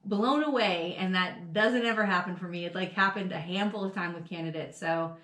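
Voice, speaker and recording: A woman co-hosting a podcast, telling stories in an animated, swearing, laughing casual chat. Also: lowish voice, a little fast, roomy sound. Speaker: podcast co-host. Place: home dining room.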